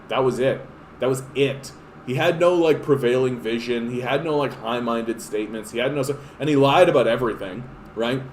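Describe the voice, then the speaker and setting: A man's voice: medium pitch, normal speed. A man hosting a political podcast, ranting casually with exasperation and frequent swearing. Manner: animated and exasperated, swears often, frequent fillers. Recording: echoey room, faint hiss.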